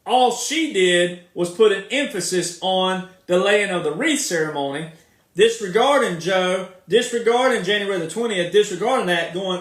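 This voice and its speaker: A man's voice: sits high, expressive, moderate pace, a bit bright. A man with a Southern accent giving an emphatic, repetitive monologue, drawing his words out as he makes his points. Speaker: commentator. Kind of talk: casual monologue. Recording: echoey room, speaking from off the mic.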